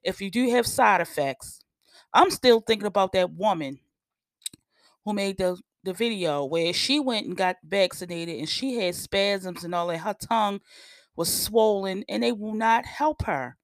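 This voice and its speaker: Blunt, animated woman ranting solo. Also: mid-range voice, unhurried, no room sound, studio quality. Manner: blunt, profane, gets animated and loud. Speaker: podcast host. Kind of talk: casual opinion rant.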